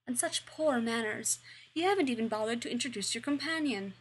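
A woman's voice: fairly high pitch, expressive, fairly quick, breathy edge. A woman reading the lines of a smug, condescending male alien villain disguised as a human librarian, in a mannered way.

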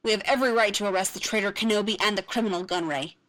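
A woman's voice: medium pitch, rapid-fire, fairly bright tone, close to an everyday voice. A woman voicing a matter-of-fact male Jedi knight. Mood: assertive.

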